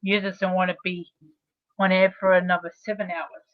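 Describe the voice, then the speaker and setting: A woman's voice: lowish voice, flat delivery, fairly quick, no echo. An Australian woman chatting on a livestream, teasing the host and explaining at length with many restarts. The sound is dull and muffled, and the audio is dry. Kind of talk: casual chat.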